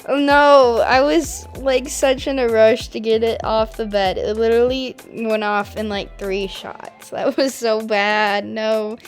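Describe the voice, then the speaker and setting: A woman's voice: on the high side, fairly even intonation, measured pace, few pauses, soft background music. A young woman talking casually as she reacts to her own old videos, laughing at herself and saying "like" a lot. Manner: giggly and self-mocking, heavy use of "like".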